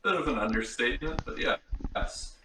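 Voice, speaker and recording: Man playing a cool, coolly menacing lord; bright voice, far from the mic in a roomy space. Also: mid-range voice, lively intonation, brisk. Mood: dry. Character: cool noble lord who can read minds. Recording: echoey room heard from far off, faint noise.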